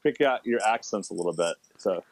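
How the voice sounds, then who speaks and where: A middle-aged man with a lowish voice talks as a podcast guest, quick and animated, with sudden jumps up in pitch. The sound is dry and close. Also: no room sound, low-quality recording. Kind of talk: casual interview chat.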